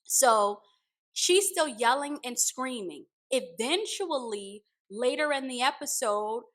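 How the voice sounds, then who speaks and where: A woman's voice: high-pitched, takes it slowly. A woman giving an opinionated, casual recap of a reality show, laughing now and then. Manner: opinionated, animated, laughs often.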